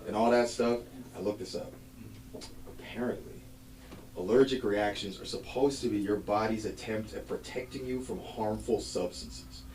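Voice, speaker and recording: A man doing a stand-up set, telling stories in a lively way and acting out the voices of other people. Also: lowish voice, normal speed, distant mic, a little hiss or hum. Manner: animated storytelling, acts out voices. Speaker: stand-up comedian. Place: comedy club stage. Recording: roomy live venue, mic heard from afar, audience. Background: crowd laughter.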